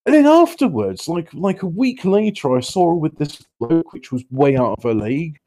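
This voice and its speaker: A man in casual chat, telling an animated story and swearing freely as a co-host. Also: fairly high pitch, moderate pace.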